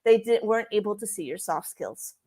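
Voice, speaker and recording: A woman's voice: mid-range voice, expressive, fairly quick, dark tone. A woman interviewed as a career coach for expats, talking casually with frequent restarts and filler words.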